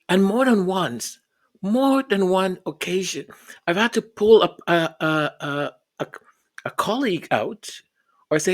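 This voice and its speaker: A man's voice: sits high, expressive, takes it slowly. A man giving earnest, reflective commentary. He often repeats words as he searches for them and acts out the voices he quotes.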